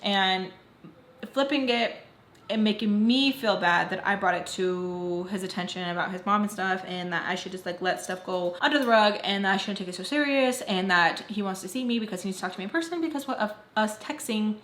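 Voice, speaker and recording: A young woman retelling a personal story in a casual, animated storytime vlog, acting out the quoted lines. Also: mid-range voice, brisk, slight background noise. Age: young adult. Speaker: storytime vlogger. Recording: roomy echo.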